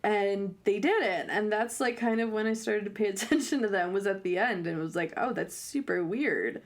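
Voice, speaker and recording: A woman's voice: mid-range voice, normal speed. A young woman co-hosting a podcast in casual chat, talking freely with lots of fillers. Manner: chatty, many fillers like "like" and "um". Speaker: podcast co-host.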